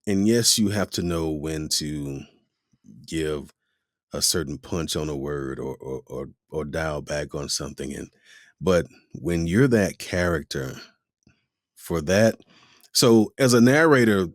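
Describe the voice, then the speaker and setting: A man's voice: a bass voice, slow, no room sound, clean studio sound. A man, a voice actor, chatting casually in an interview and acting out quoted voices as he talks. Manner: animated, acts out quoted voices. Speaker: voice actor guest.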